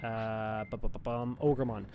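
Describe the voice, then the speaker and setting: A man's voice: fairly low pitch, level tone, moderate pace, muffled recording, slight background noise. A man chatting casually on a live gaming stream, rambling and swearing as he goes and often correcting himself mid-sentence. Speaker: game streamer.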